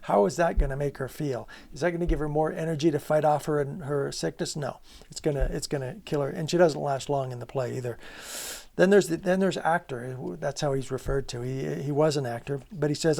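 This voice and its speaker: A man lectures on literature in a slightly high, gravelly voice. He talks earnestly and emphatically, poses rhetorical questions, and keeps breaking off to restart his sentences as he works through his ideas. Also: a little fast, a little mellow.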